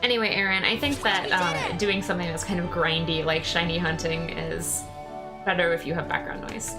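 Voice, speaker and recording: A woman's voice: on the low side, fairly even intonation, moderate pace. A young adult woman streamer chatting casually and thinking aloud while she plays. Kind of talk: casual gameplay commentary. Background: game music.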